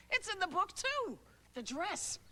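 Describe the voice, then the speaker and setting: A woman playing a cheery, oblivious fairy godmother on a children's TV show, bubbly and swooping in pitch. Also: big pitch swings, slow, bright, forceful tone, full character voice. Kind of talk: children's TV puppet acting.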